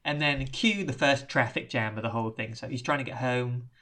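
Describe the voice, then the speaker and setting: A man's voice: medium pitch, brisk. Guy on a podcast, rambly and jokey, recapping a movie, plain mid voice. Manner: rambling, jokey, animated retelling. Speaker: podcast host. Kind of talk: casual film recap chat.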